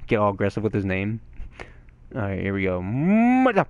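A young man giving excitable gameplay commentary, swearing and yelling at the game. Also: on the low side, moderate pace, clear, resonant tone, dry recording. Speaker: gaming channel host.

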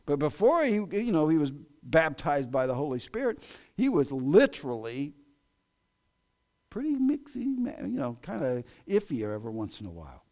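Animated American preacher, lively pitch. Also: male voice, unhurried, long pauses. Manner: animated preaching, voice swinging from loud exclamations to hushed asides. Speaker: pastor. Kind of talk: sermon. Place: church sanctuary.

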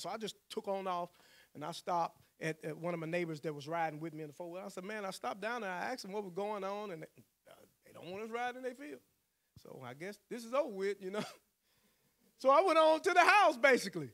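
A man's voice: sits high, a bit bright. A male pastor, telling a personal story in a sermon, acting out the voices he quotes and laughing often.

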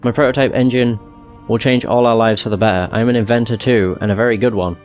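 A man's voice: medium pitch, fairly even intonation, quick pace, a little mellow, faint music behind, lightly acted. A man voicing a stern, headstrong young woman inventor, reading her lines in a plain, unvoiced reading tone in a fantasy video game. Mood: defiant.

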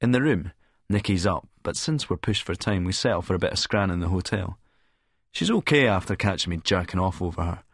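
A man's voice: low-pitched, lively intonation, brisk, creaky, breathy edge, dry recording, studio quality. A man narrating a first-person audiobook in a sardonic, crude, cocky manner.

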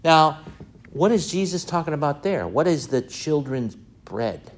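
Guy leading a bible study, talks it through with the class, acts out the people in the verses, kinda high voice. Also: sing-song, a little slow. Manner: asks the class questions and acts out the people in the passage. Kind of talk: conversational Bible study teaching.

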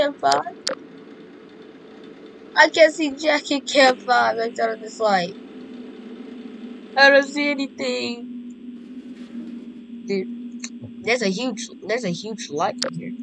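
A woman's voice: on the high side, slow pace, creaky, pauses often, fairly bright tone, slight background noise. A young woman doing casual game roleplay commentary, playful, humming little sound effects and breaking into sudden squeals. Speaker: roleplay gamer. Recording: game music underneath.

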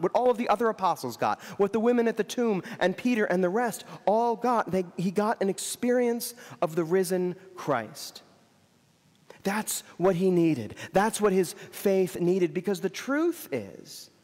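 A man's voice: high-pitched, a little mellow, big-room sound. A man preaching an Easter sermon in a church, conversational in tone and repeating words for emphasis. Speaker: Episcopal priest preaching.

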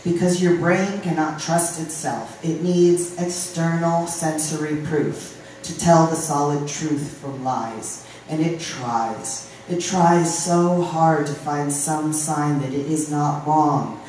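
A poet from Ohio reading poems aloud at a live open mic, with halting, filler-laden chat between poems. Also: mid-range voice, fairly even intonation, a little mellow, a little hiss or hum. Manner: reads poems, chats with fillers between them. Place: live venue room. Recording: very echoey room from a distance.

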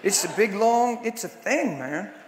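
A middle-aged man preaching at a conference, telling a story in a conversational way that swings from hushed to loud. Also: high-pitched, animated, unhurried, some chatter behind, a little hiss or hum. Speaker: conference speaker. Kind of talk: storytelling sermon. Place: large conference hall. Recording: echoey hall with long reverb.

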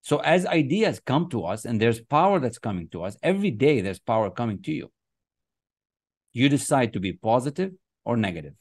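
A man's voice: mid-range voice, no echo. A man teaching a motivational class, speaking emphatically and often repeating phrases and affirmations. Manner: emphatic and repetitive, chanting affirmations. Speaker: success coach. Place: online class, writing on screen with a mouse.

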